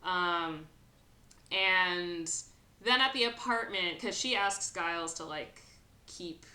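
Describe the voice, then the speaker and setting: A woman's voice: lowish voice, slow, bright, forceful tone, echoey room. A woman hosting a podcast, casually recapping a film with lots of fillers and quoted lines. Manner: rambling retelling with many fillers and acted quotes. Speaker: podcast host. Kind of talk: casual movie recap chat.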